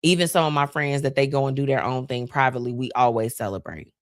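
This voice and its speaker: A woman's voice: very deep voice, steady tone, quick pace, dry recording, studio quality. A woman hosting a live stream, talking casually and emotionally about her friends. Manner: chatty, heartfelt, emotional. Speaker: host.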